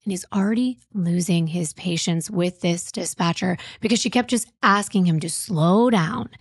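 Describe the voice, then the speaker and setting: A woman's voice: fairly low pitch, normal speed, slightly rough, no echo, studio quality. A woman host narrating a true-crime story in a conversational way, adding her own frank comments. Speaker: podcast host.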